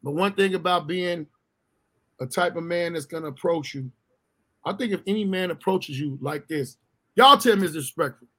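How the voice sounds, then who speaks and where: High-pitched dude cussing a lot on a podcast, bright loud voice, acts stuff out. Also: male voice, normal speed. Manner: loud, profane, acts out scenes in funny voices. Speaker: podcast co-host. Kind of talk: casual comedic chat.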